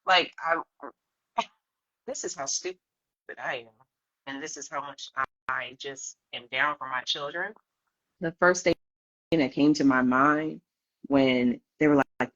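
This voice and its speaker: A woman's voice: deep voice, a little slow, pauses often. A woman guest telling her own story in a candid interview, laughing often and acting out what others said. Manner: lively, laughing, acts out voices of others. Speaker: podcast guest. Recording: slightly dull lo-fi audio.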